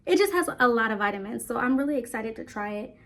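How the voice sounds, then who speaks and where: A woman's voice: fairly high pitch, animated. Breathless, chatty young woman vlogger. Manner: chatty, rambling, talks fast, addresses viewers as y'all. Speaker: hair care vlogger. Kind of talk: casual chat to camera.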